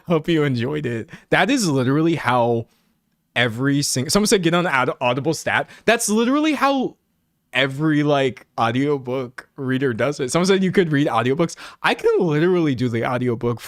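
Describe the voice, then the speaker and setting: A young man in casual live-stream chat, giggling often and rambling as he answers his viewers. His pitch sits in the middle range. The sound is dry and close. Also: no room sound.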